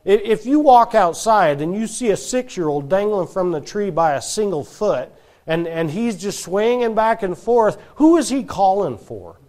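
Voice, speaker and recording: A man in his thirties preaching a sermon, telling stories with lively delivery and acting out quoted voices. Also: high voice, normal speed. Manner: animated storytelling, acts out quoted voices. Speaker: pastor.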